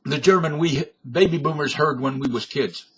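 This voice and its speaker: A man in his fifties or sixties vlogs into a webcam at home, giving a folksy, rambling monologue that drifts off topic and often corrects itself. His voice is fairly high and a bit bright at a normal speed, with a little hiss or hum in the audio.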